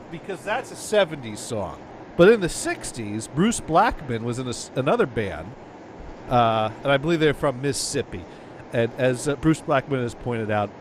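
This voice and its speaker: A man's voice: medium pitch, a bit bright, slight background noise. A man hosting a casual radio show, chatting about old records with a rambling manner, often repeating words and chuckling.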